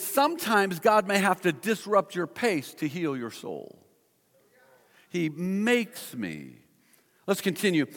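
A middle-aged man preaches from the pulpit in a measured, emphatic way, drawing out the scripture he quotes. His voice sits fairly high for a man. The sound carries a long reverb, as in a large church hall. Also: fairly bright tone. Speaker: pastor. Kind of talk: sermon.

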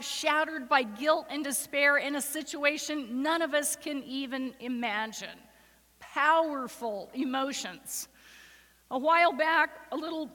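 A woman's voice: high voice, bright, forceful tone. A woman pastor preaching a sermon and reading scripture aloud, voicing the characters with rising emotion. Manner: acts out the voices in the story with rising emotion. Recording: reverberant hall.

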